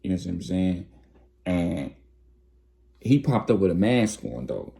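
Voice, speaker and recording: Gravelly deep-voiced man telling a story. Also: big pitch swings, a little slow, dark tone. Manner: slangy, conversational, acts out quotes. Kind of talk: casual storytime narration.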